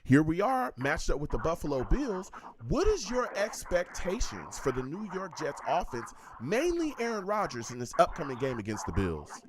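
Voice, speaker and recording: A man's voice: fairly high pitch, huge pitch swings, normal speed, few pauses, background noise. A man hosting a call-in sports show, talking in a hyped, slangy, casual way.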